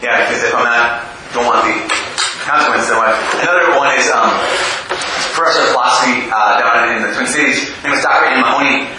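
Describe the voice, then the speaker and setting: A man's voice: mid-range voice, brisk, noisy background. A man giving a talk and answering audience questions, telling stories and acting out quotes. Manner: animated storyteller, acts out quotes. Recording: echoey hall, voice from far off.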